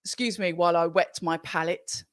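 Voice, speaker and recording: A woman hosting a live fight watch-along stream, chatty and excitable, talking straight to her viewers. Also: lowish voice, normal speed, no room sound. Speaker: livestream watch-along host.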